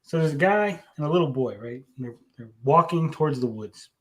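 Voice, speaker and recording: Here a young comedian co-hosting a laid-back podcast speaks briskly, his voice on the high side with lively intonation. His joke-telling wanders, thick with fillers and false starts.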